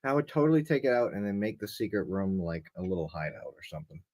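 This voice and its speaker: A man's voice: fairly low pitch, very animated, quick pace, darkish tone. A young man co-hosting a casual chat, joking and laid-back. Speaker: co-host.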